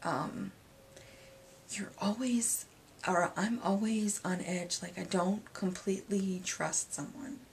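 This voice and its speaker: A woman in her thirties, a single mom, talking candidly in a confessional vlog, rambling and hesitant, with many pauses and fillers. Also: medium pitch, fairly even intonation, gravelly, a little hiss or hum. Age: 30s. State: emotional, near tears at moments. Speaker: vlogger.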